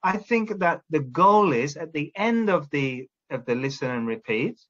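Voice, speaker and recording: A man's voice: fairly high pitch, expressive, a little slow. Man explaining teaching tips, muffled audio. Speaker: teacher trainer. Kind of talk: instructional talk to teachers.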